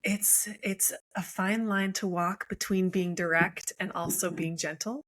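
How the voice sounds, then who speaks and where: A woman's voice: fairly low pitch, steady tone, a little slow, fairly bright tone, rough recording. A woman in her thirties, a marriage and family therapist, explaining things in a friendly way and laughing easily as a podcast guest. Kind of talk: podcast interview.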